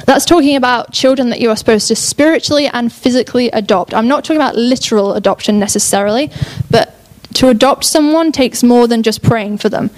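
A woman's voice: on the high side, brisk, few pauses. Enthusiastic young woman preaching. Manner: enthusiastic, chatty, self-interrupting. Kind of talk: sermon.

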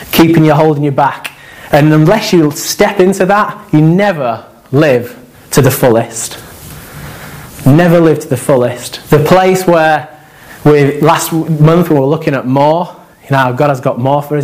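A man preaching a conversational sermon, animated and joking, with asides to the congregation. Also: fairly high pitch, moderate pace, low-quality recording.

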